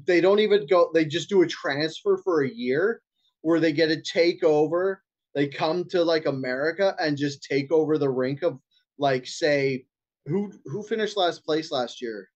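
A man co-hosting a podcast in casual banter, crude and animated, swearing often. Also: on the high side, highs cut off. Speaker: podcast co-host.

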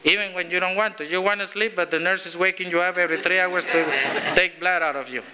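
A man's voice: sits high, steady tone, fast talker, background noise. A man pastor giving a conversational sermon, telling stories with frequent restarts and chuckles. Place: church sanctuary.

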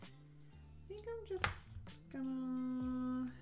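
Casting note: woman art streamer, high bright voice, lively and chatty, thinks aloud while she paints. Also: extremely slow, over music. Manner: chatty, thinks aloud, coos at her pet in a playful voice. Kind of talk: casual chat while painting on a live stream.

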